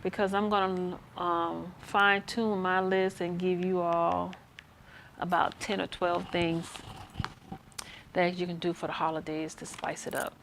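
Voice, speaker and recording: Host: gravelly-voiced woman, lowish pitch, frank casual talk over light hiss. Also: little pitch movement, unhurried, a bit bright. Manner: frank, chatty, answers chat questions aloud. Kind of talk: casual live-stream chat.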